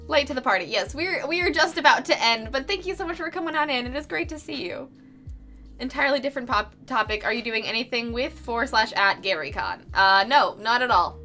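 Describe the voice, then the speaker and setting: Bright, giggly woman streamer. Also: high-pitched, lively intonation, fairly quick. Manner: effusive, giggly, chatty with frequent laughs. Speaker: artist live-streaming her drawing. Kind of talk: casual live-stream chat with viewers. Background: faint background music.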